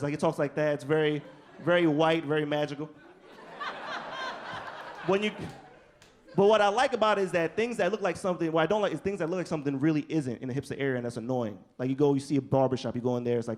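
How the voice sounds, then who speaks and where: A man's voice: a little high, fast. A man doing a casual, profane stand-up comedy set on a comedy club stage, telling stories with energy. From New York. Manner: casual, profane, animated storytelling.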